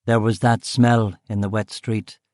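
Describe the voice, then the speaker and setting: Steady male audiobook narrator, dry sound. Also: on the low side, unhurried, no room sound. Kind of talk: first-person audiobook narration.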